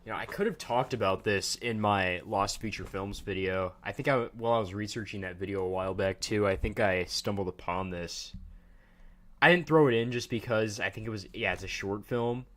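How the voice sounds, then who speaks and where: Low-voiced man casually chatting on a livestream. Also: brisk, fairly bright tone. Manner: joking, rambling, talks to chat. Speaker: livestream host.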